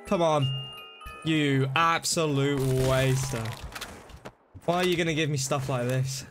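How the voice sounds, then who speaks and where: Excitable high-voiced male game streamer. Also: measured pace, pauses often. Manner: excitable, joking, slipping into silly put-on voices. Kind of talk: live gameplay commentary. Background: game music and gunfire.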